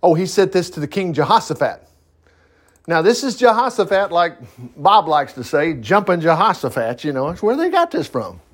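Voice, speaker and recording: An older man with a somewhat higher voice gives an informal Bible lesson. He talks in a folksy way and acts out the characters' lines. His pitch swings widely as he goes. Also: sing-song, moderate pace. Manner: folksy, chuckling asides, paraphrases dialogue in voices. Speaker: bible teacher.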